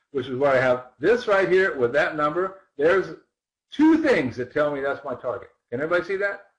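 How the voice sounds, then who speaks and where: A man's voice: a little high, fairly bright tone, rough recording. A man teaching a trading seminar, walking through charts with rhetorical questions and repeated phrases. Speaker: trading instructor. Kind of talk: live seminar chart walkthrough.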